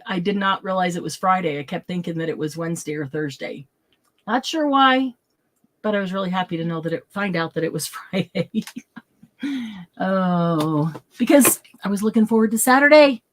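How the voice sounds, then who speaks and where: A woman hosting a craft livestream in casual chat, bubbly and quick to laugh, greeting viewers by name. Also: mid-range voice. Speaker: craft show host.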